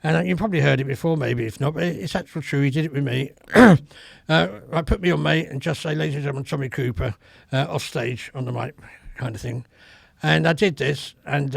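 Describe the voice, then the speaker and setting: An older man with a gravelly voice, a comedy club veteran telling rambling, earthy stories in a casual podcast chat. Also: fairly high pitch, no echo, clean studio sound. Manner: rambling, earthy, swears freely. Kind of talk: casual anecdotal storytelling. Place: podcast studio.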